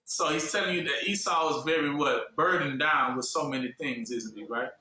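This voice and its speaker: A man preaching a sermon, posing questions and pausing for listeners to fill in the answer. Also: fairly high pitch, bright, forceful tone. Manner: call-and-response questions, fill-in-the-blank pauses. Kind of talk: sermon teaching. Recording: echoey room from far off.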